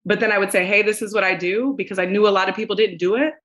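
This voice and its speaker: A woman guest on a podcast, telling her story in an expressive way and talking straight to the listeners. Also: mid-range voice, racing, low-quality recording. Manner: expressive, acts out quoted voices, addresses listeners directly. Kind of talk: animated storytelling.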